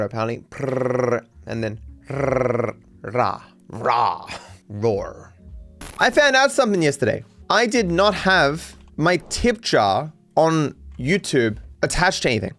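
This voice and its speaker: A man's voice: on the high side, sing-song, normal speed, hardly any pauses, fairly bright tone, soft background music. A man with an Australian accent chatting casually on a live stream, rambling and sounding out words to demonstrate them.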